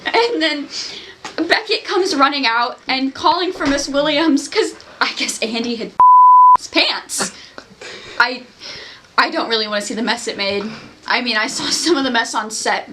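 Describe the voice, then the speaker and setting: A woman's voice: expressive, moderate pace, bright, forceful tone, a little hiss or hum. A woman speaking sheepishly and hesitantly in a comic mockumentary interview. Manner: sheepish, hesitant and low-key. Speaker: interviewee in a mock documentary.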